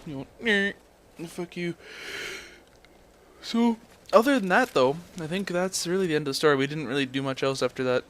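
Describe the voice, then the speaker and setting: A young gameplay commentator rants bluntly and profanely, first telling a story and then commenting on his game footage. His voice is a little high and fast, with a slight hiss or hum in the audio.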